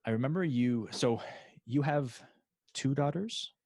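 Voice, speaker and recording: A man's voice: medium pitch, unhurried, darkish tone, a little hiss or hum. A man hosting a podcast interview, talking casually and rambling with many restarts and fillers. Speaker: podcast host.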